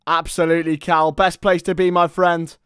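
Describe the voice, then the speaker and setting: Excitable guy doing live football commentary, smooth clear voice, dry sound, yells when it gets close. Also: on the high side, normal speed, dry recording. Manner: excitable, bursts into shouts at chances and goals; chatty asides to listeners.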